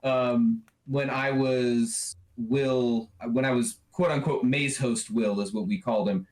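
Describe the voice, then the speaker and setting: A man guest in a casual video call chat, telling a story with animated stumbles and restarts. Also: medium pitch, takes it slowly. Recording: roomy echo.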